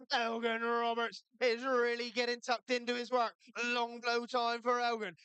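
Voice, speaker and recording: A woman giving lively, colourful live commentary on a shearing competition. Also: fairly high pitch, clean tone, no room sound. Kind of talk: live sports commentary over a PA.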